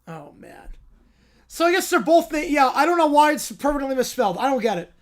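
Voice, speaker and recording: A man's voice: very high-pitched, sing-song, fairly quick. A man hosting a casual livestream, reading viewer prompts aloud with amused, sarcastic remarks. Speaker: livestream host. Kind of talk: casual livestream reaction chat.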